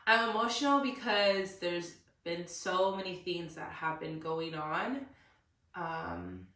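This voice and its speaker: Woman host, solo podcast, bright voice, slow and earnest, roomy sound, bit distant from the mic. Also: fairly low pitch, expressive. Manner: earnest, emotional, motivational. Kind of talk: emotional solo podcast monologue. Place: room recorded alone. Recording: roomy echo, somewhat far from mic.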